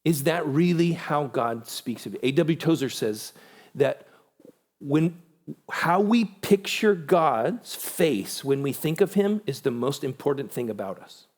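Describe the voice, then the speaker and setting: A man giving a church conference talk, animated, acting out quoted voices with big pitch jumps. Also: a little slow. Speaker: conference speaker.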